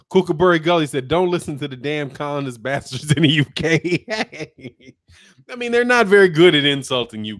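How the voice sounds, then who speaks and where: A man's voice: on the high side, no room sound, studio quality. An American man hosting his channel, chatting casually and joking while he reads viewer comments aloud, laughing often. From United States. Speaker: channel host. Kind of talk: casual chat reading live comments.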